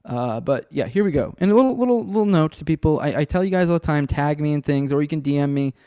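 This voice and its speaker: Podcast host: man, rambling and sardonic, swears freely, dark mellow voice on a dry, close track. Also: fairly high pitch, lively intonation, fast, clean tone, dry recording. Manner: rambling, profane, sardonic, many restarts. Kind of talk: casual solo commentary with chat. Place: home room with a cat and a desk.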